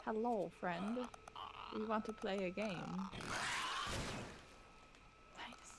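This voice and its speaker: A woman's voice: mid-range voice, extremely slow, creaky, background noise. A woman chatting and joking casually with friends while watching a video game. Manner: laughing, joking banter. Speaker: let's play co-host. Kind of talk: casual gameplay chat.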